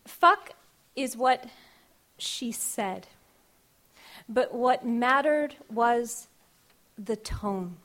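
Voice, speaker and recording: A woman poet, reading her poems aloud live in a wry, unhurried way. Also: a little high. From Kentucky. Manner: wry, unhurried, drawn-out vowels in the verse.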